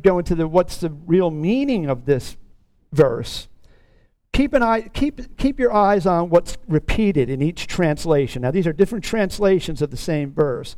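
A man's voice: on the high side, a little mellow, smooth, no echo. A man preaching a sermon as pastor of his church, teaching earnestly and repeating key phrases for emphasis.

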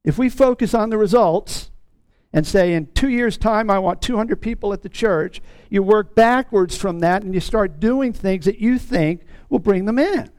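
A man's voice: high-pitched, normal speed, a little mellow, smooth, no room sound. A man preaching a sermon as pastor of his church, teaching earnestly and repeating key phrases for emphasis.

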